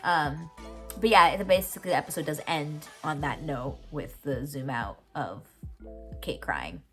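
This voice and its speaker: A woman's voice: sits low, unhurried, soft background music. A woman hosting a podcast, casually recapping a TV episode, gushing and teary as she retells its scenes. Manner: emotional, gushing, retells scenes with quoted lines.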